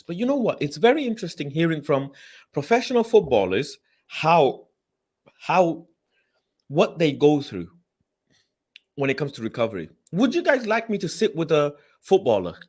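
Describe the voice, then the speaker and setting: A man, the host of a football talk show, talks in a casual, animated way. His fairly high voice swings widely in pitch, and he repeats himself and turns loud when he gets worked up.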